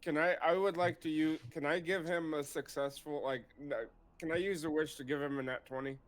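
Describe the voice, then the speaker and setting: A man with a smooth, resonant voice plays at a tabletop game. He talks eagerly and stumbles over his words as he asks the game master to let him act. His voice is clear and even. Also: a little high, brisk. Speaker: player.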